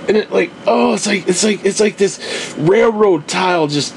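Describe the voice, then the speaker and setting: A young man hosts his podcast alone, his voice sitting fairly high for a man. He rambles through a profane, exasperated rant in a loose, casual way. A faint hum runs underneath the recording. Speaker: podcast host. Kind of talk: casual ranting monologue.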